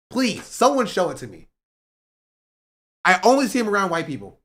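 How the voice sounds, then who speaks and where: Animated ranting male streamer. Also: high voice, normal speed, long pauses, husky. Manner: animated, swings from loud outbursts to muttering; swears, says "bro", repeats himself. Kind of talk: heated political rant on a livestream.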